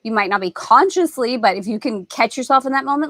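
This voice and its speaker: Animated middle-aged woman, dry close sound. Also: a little high, fast, few pauses, dry recording. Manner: animated storytelling, acting out family voices. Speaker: host. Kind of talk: spiritual lesson talk.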